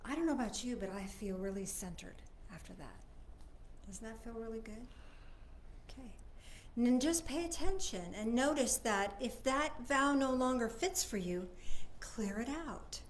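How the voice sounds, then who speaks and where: A woman minister giving an informal Sunday service talk. She speaks conversationally, checks in with her listeners, and moves between soft asides and emphatic points. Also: on the high side, moderate pace, a little hiss or hum. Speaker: spiritual minister.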